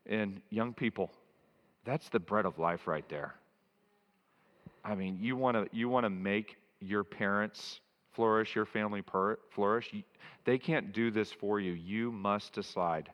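A man with a low voice preaches a sermon, stressing and repeating his key phrases. His voice rings out in a church hall with a long reverb trailing behind each line. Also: slow, lo-fi sound. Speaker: pastor.

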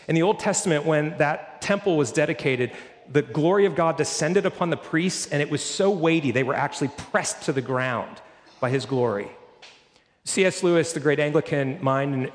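Earnest preaching man in a reverberant church. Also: fairly high pitch. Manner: earnest, emphatic preaching with rising and falling intensity. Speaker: pastor. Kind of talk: sermon.

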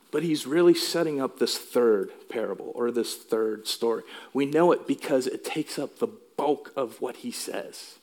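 A male pastor delivering a sermon in an emphatic way, asking the congregation questions. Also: medium pitch. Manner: emphatic, asks the room questions.

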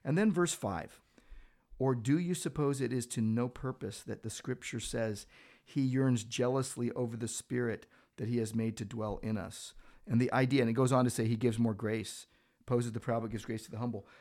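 A pastor with a mid-range male voice, speaking at a normal pace, works through Bible verses in a relaxed podcast conversation. He tells the stories with animation, acting out little scenes and voicing the quoted speech himself.

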